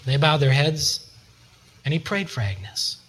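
Higher-voiced man preaching a story. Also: expressive, a little slow, a bit bright, a little hiss or hum. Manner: acts out voices in a retold story, chuckles at times. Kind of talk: sermon storytelling.

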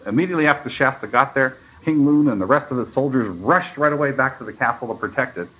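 A man's voice: mid-range voice, fast talker, sharp tone, dull audio. A man reading a story aloud and giving reflective, earnest commentary as a Bible study teacher.

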